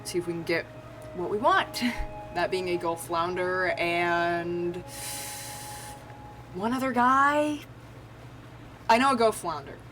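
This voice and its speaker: A woman's voice: fairly low pitch, moderate pace, fairly bright tone, faint music behind. A woman streaming a video game, chatting casually to viewers with a self-mocking, foul-mouthed humor. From United States. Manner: chatty, self-mocking, swears freely, frequent laughs. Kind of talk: casual gameplay commentary.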